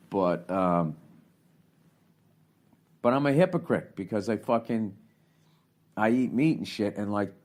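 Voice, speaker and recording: A man hosting a podcast, telling a profane, rambling comic story that swears constantly and climbs higher when he gets worked up. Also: a little mellow. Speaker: podcast host.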